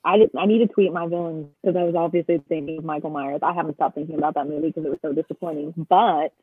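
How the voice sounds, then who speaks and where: A woman's voice: deep voice, steady tone, fast, slightly rough, no room sound. A woman co-hosting a casual film chat over a call, blunt and emphatic. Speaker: co-host. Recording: tinny dry call audio.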